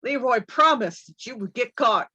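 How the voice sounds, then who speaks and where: A woman's voice: on the high side, expressive, normal speed, bright, forceful tone, husky, no room sound, highs cut off, voice pushed up, exaggerated voice. Woman voicing a smug bear crime boss. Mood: smug threat. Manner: smug, threatening.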